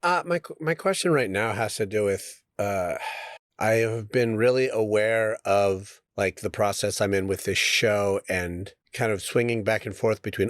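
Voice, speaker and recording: A man's voice: lowish voice, normal speed, no echo, clean studio sound. A middle-aged man co-hosting a podcast, talking casually and searching for his words. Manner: rambling, searching for words, with laughs and fillers. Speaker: podcast co-host and actor. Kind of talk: casual chat.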